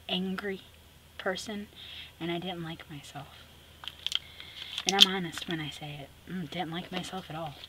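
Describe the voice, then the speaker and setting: A woman vlogger who chats casually while she works on a sketchbook collage, talking to herself and often dropping to a soft murmur. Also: fairly low pitch, slight background noise, low-quality recording. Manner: chatty, talks to herself while working, drops to a soft murmur. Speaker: craft vlogger. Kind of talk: casual talk while crafting.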